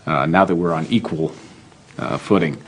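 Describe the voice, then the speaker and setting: A man's voice: low voice, steady tone, moderate pace, a little hiss or hum. A man interviewed as a former guard, speaking candidly and ruefully.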